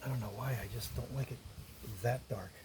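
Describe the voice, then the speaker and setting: A man's voice: medium pitch, steady tone, a little fast, gravelly, noisy background. A man narrating his woodworking step by step, thinking aloud as he works in his shop. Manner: thinks aloud, explains each step as he goes. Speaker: woodworker and video host. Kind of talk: casual workshop narration while working. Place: woodshop.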